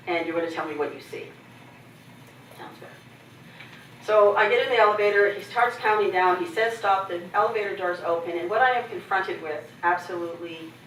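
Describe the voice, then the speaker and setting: A woman's voice: lowish voice, a bit bright, a little hiss or hum. A middle-aged woman from Canada giving a keynote address, telling personal stories with candor and humor and acting out other people's lines. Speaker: keynote speaker. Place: conference hall. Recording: echoey hall, mic from a distance.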